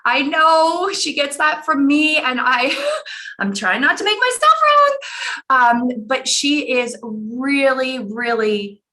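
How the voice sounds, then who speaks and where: A woman's voice: high-pitched, animated, slow, sharp tone. A woman in her forties, a life coach telling a personal story in an earnest way and repeating phrases for emphasis, over a computer mic on an online call.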